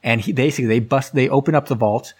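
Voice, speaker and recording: A man's voice: mid-range voice, fast talker, darkish tone, breathy edge. Rambling man recapping a movie. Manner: rambling, filler-heavy storytelling.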